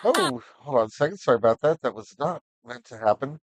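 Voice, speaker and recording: A man's voice: mid-range voice, lively intonation, fast, no echo. A man hosting a live stream, talking casually and encouragingly with lots of fillers. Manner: encouraging, rambling with many fillers. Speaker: livestream host.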